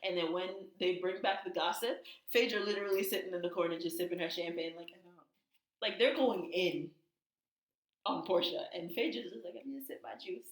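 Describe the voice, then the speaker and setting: Woman, low voice, gossipy storyteller, casual chat, echoey room. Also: brisk. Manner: gossipy storytelling, acting out quotes in high voices. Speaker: podcast co-host.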